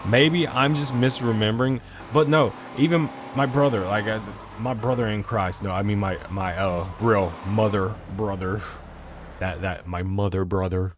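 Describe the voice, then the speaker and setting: A gaming streamer rambles through casual gameplay commentary into a desk microphone, swearing out of frustration. His voice is on the low side with fairly even intonation and normal speed, and there's noise in the background.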